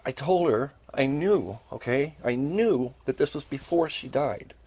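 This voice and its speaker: A man's voice: mid-range voice, lively intonation, measured pace, a little mellow, husky. A middle-aged man telling a personal story with emotion, earnestly repeating phrases and rising into pleading.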